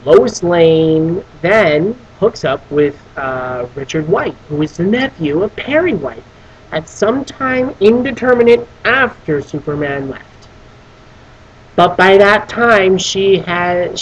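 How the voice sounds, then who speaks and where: A film reviewer with a mid-range voice rants on a casual video, swearing a lot and restarting often. The animated, profane tirade sometimes breaks into character voices, and the poor audio carries a little hiss or hum.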